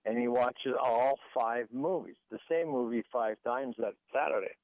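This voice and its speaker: A man's voice: mid-range voice, moderate pace, vocal fry, no echo. Male guest author on a phone line, rambling anecdotal storyteller, very dry sound. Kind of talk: storytelling interview.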